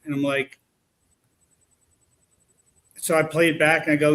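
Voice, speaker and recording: A man with a voice on the high side tells a long, rambling story about his paranormal investigations, speaking at a normal speed with long pauses. His casual, animated retelling is full of restarts.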